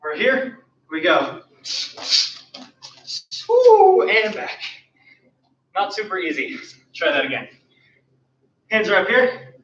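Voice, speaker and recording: In a roomy studio, a man with a high, bright voice teaches an online martial arts class, performing the kicks himself as he counts each move and calls out cues. He sounds breathless and distant from the mic, and the recording is dull. His delivery is very animated yet unhurried, with long pauses.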